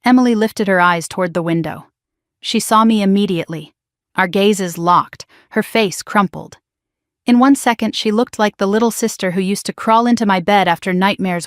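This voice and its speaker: Hushed woman narrating a drama story. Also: medium pitch, no echo, clean studio sound.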